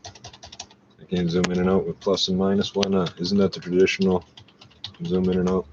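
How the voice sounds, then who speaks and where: Man, low voice, profane, agitated, rambling rant, lo-fi recording. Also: level tone, normal speed, background noise. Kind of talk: rambling screen-share rant.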